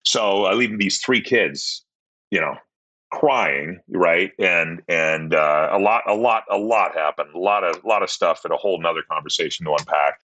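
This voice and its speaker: A man's voice: deep voice, moderate pace, bright, forceful tone. A man in his fifties, a podcast guest, telling his life story candidly in a rambling way, repeating words and livening up when he retells conversations.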